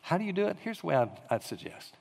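A man's voice: high voice, fast, creaky. A male pastor giving a conversational sermon, telling a story and acting out the quotes. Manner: storytelling with animated acted-out quotes. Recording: echoey hall reverb.

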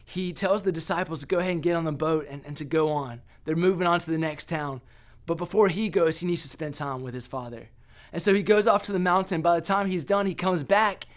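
A young man giving an earnest sermon as a pastor, often restarting and repeating words. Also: on the high side.

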